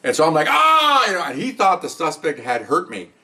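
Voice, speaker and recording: A man's voice: a little high, animated, quick pace, bright, forceful tone, distant mic. An older man, a retired police officer, telling a story in a casual, rambling way and often checking in with "okay?". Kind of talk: casual spoken anecdote.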